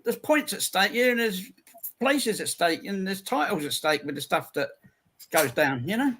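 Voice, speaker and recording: A man's voice: high voice, big pitch swings, moderate pace, fairly bright tone. A man grumbling wearily during a casual football chat. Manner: weary, grumbling. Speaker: co-host.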